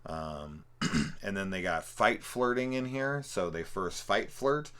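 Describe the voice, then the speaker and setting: A young man with a very low, deep voice talks through a film in a loose, rambling way. He swears freely and peppers every thought with "like" and "um". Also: expressive, slow, bright, forceful tone. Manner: rambling, profane, full of "like". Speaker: film reviewer. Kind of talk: casual movie review commentary.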